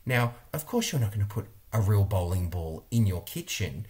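A middle-aged Australian man with a deep, low voice, reviewing products for a vlog. He talks bluntly and emphatically, repeating his points to drive them home. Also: very animated, normal speed, mellow. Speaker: interior designer.

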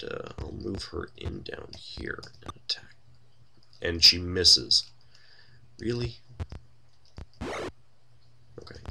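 A man's voice: on the low side, gravelly, sharp tone. A man giving wry, casual commentary while playing a computer role-playing game, thinking aloud with many fillers. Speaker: let's play host.

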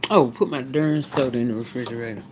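Amid very noisy audio, a female vlogger with a bass voice talks fast, chatting to viewers as she films at home and then outdoors on the porch. She's animated and conversational, addressing the camera head-on.

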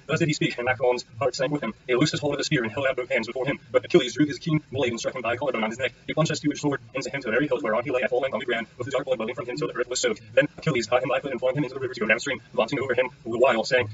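A man reading an epic poem aloud in a brisk, steady way with small stumbles. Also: medium pitch. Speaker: audiobook reader. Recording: dull sound, distant from the mic.

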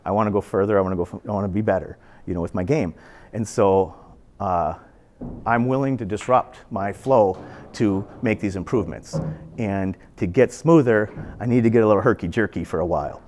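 Against slight background noise at a billiard club, a fifties-aged man delivers a casual, earnest pool lesson in a lowish, darkish voice that moves a little fast. He keeps repeating phrases while he demonstrates.

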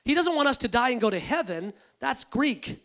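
A man giving a sermon as a guest preacher, in a conversational, repetitive style that drops soft for emphasis. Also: very high-pitched, very animated, normal speed.

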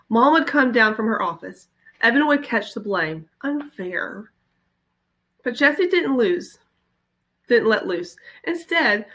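A woman, a teacher, reading a children's chapter book aloud with expressive storytelling. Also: on the high side.

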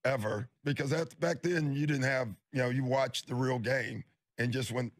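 A man's voice: medium pitch, steady tone, moderate pace. A man, a former basketball player, telling anecdotes in an interview and laughing as he goes. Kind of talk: storytelling in a broadcast interview.

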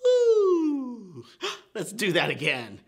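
Man hosting preschool storytime, bright voice, slow and deliberate, playful and exaggerated. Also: a little high, sing-song. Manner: exaggerated, playful, with gasps and whoops for young children. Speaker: children's librarian leading storytime.

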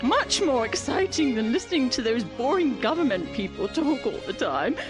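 A man's voice: very high voice, sing-song, normal speed, music in the background. A man voicing a bawdy Queen of England with a put-on British accent, giggling and slipping into Cockney. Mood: gushing. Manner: giggly, breaks character, slips into Cockney.

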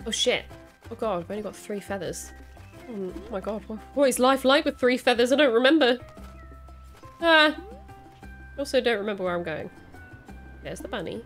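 A young woman giving excitable let's-play commentary, squealing, panicking and repeating herself as she plays. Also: on the high side, normal speed, pauses often, soft background music. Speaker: gaming YouTuber.

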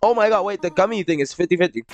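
Racing along at medium pitch, a livestreamer chats casually with viewers, reading chat aloud. The talk is giggly and rambling, with frequent laughter, swearing, and bursts of silly voices.

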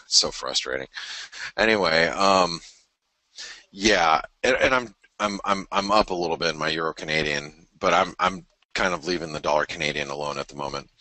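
A man's voice: low-pitched, sharp tone, no room sound, rough recording. A male trading show host talking through market charts in a loose, rambling way with many fillers and restarts, tired and yawning early in the morning. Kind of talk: live market chart analysis.

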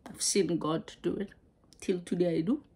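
A woman preaching a sermon, halting and repeating words as she goes. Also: lowish voice, steady tone, mellow, breathy edge.

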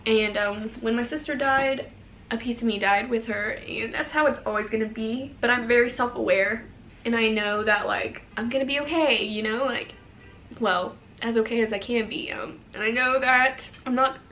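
A woman's voice: fairly high pitch, normal speed, a little hiss or hum. A woman in her twenties talking casually and emotionally in a vlog, rambling a little and saying "like" often. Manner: rambling, heavy use of "like", soft and emotional. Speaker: vlogger.

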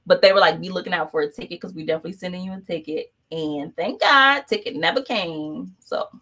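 A woman's voice: fairly low pitch, fairly quick. A woman painting instructor, chatting casually and telling a story while she paints, acting out the other people's voices. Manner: chatty, animated, acts out quoted voices.

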